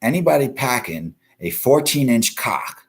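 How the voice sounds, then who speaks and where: With a medium pitch, big pitch swings, and a measured pace, a US East Coast man hosts a live-stream news show. Between blunt, profane rants, he welcomes viewers from the comments.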